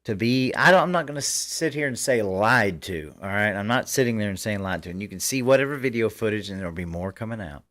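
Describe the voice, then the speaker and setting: Fervent low-voiced man. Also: expressive, fast talker, few pauses, fairly bright tone. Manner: fervent, rambling, frequent restarts. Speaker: host. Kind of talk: political commentary livestream.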